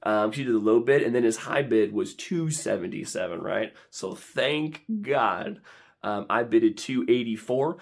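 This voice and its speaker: A young man telling an animated vlog story, excitable and prone to sudden dramatic squeals and shouts. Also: mid-range voice, measured pace. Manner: excitable, with big dramatic squeals and shouts when quoting himself. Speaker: vlogger.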